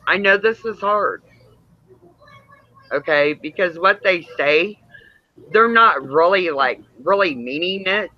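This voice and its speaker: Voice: mid-range voice, animated, takes it slowly, long pauses, no room sound, lo-fi sound. A man in casual chat, speaking in a soothing way and calling the other person honey. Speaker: chat participant.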